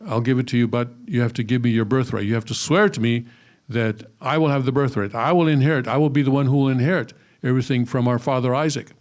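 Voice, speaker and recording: A man's voice: medium pitch, fast talker, darkish tone, natural voice. A man voicing a shrewd younger brother who insists on a bargain.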